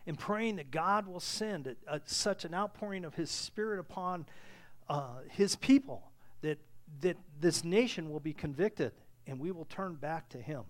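A man's voice: on the high side, expressive, unhurried. A middle-aged man preaching a sermon as pastor, earnest and at times fervent, with many restarts.

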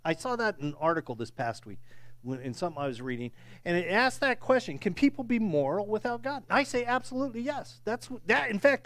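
A man's voice: high-pitched, no room sound. A male pastor preaching a sermon, speaking in a conversational way and checking in with "okay?".

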